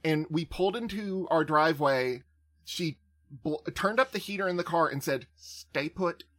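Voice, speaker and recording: A man as game master, explaining the rules deliberately with many fillers. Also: a little high, fairly bright tone, dry recording, clean studio sound.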